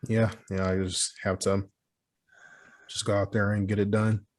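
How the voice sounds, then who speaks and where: A man with a fairly low voice hosts a casual podcast. He answers hesitantly and often makes fun of himself. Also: flat delivery, measured pace. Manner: hesitant, self-deprecating. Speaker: podcast host.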